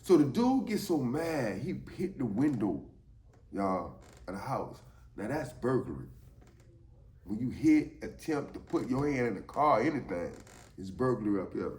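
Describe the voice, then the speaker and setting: A man telling a story from his time in jail, animated and emphatic, often asking "you know what I'm saying". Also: medium pitch, a little slow, reverberant. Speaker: storyteller, former inmate. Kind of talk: casual spoken storytelling.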